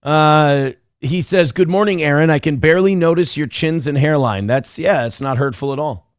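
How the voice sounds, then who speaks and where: Reading out chat messages on his live show, a man cracks crude jokes at his own expense and drifts into rambling asides, in the manner of a casual live stream. He speaks on the high side at normal speed, with clean studio sound and no room sound.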